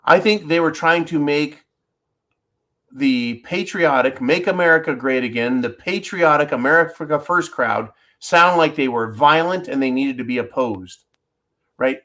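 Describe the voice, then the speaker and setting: A man's voice: fairly high pitch, measured pace, sharp tone. A man hosting a solo commentary show, talking in an indignant, emphatic way and repeating words when stirred up. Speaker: political commentary host.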